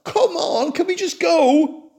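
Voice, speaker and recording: A man's voice: very high-pitched, takes it slowly, gravelly, warm tone, voice pushed up, full character voice. A man preaching voices an anxious father pleading with someone to hurry, in an exasperated tone. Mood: impatient.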